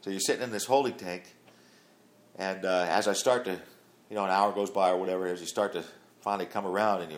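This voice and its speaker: A man's voice: deep voice, steady tone, fast talker. A middle-aged man telling a long personal story to his grown child in a plain, rambling way full of fillers. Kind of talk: casual storytelling.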